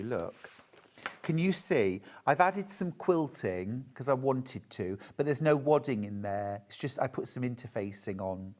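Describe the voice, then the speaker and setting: A woman's voice: low voice, darkish tone. Gushing British woman selling fabric live. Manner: chatty and gushing, talking to viewers. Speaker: shopping channel presenter. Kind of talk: live sales demonstration.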